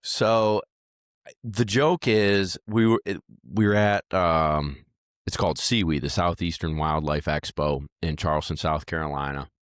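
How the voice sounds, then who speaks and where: A man's voice: low voice, measured pace, clear, resonant tone, no echo, studio quality. A dog trainer guesting on a podcast, chatting casually and acting out lines as he tells stories. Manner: animated storyteller, acts out lines. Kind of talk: casual interview chat.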